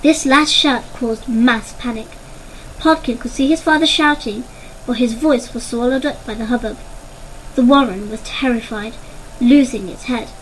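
A woman narrating a children's storybook in an expressive, dramatic way. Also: on the high side, moderate pace, a little hiss or hum, low-quality recording.

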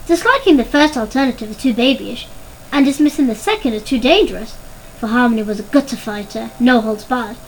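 A woman reading a children's storybook aloud in an expressive, measured way. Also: fairly high pitch, a little hiss or hum, rough recording. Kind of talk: storybook narration.

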